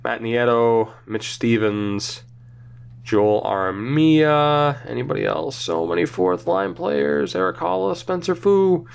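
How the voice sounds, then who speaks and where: A man's voice: medium pitch, expressive, slow, gravelly, a little hiss or hum. Young guy rambling thru game commentary, voice bouncing all over, jokes at himself. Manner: rambling, self-mocking, thinks aloud while reading names. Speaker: gaming channel host. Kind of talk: casual gameplay commentary.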